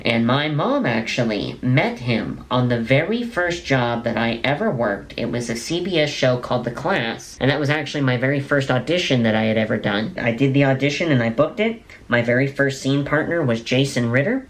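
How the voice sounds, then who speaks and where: A young man, an actor, casually and enthusiastically telling behind-the-scenes stories while showing photos. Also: mid-range voice. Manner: enthusiastic, chatty, repeats words. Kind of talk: casual vlog storytelling.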